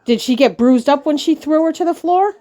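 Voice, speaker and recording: A woman's voice: high voice, fairly quick, warm tone. A woman asking probing questions in a casual conversation, mostly brief replies. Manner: probing, short questions and backchannels.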